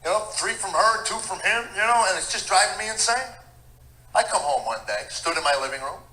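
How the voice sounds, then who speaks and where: High-voiced man telling stand-up stories. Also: a little fast. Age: 50s. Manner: folksy, animated, acts out family voices. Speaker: stand-up comedian. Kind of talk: stand-up comedy storytelling. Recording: roomy noisy live stand-up recording.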